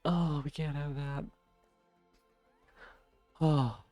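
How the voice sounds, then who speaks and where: Giggly woman streamer, slow and playful, tired from laughing, dry close mic. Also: low-pitched, dark tone, no echo, soft background music. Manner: giggly, breaking into laughing fits; playful, talks to chat and to herself. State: worn out from laughing late at night. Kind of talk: casual live game commentary.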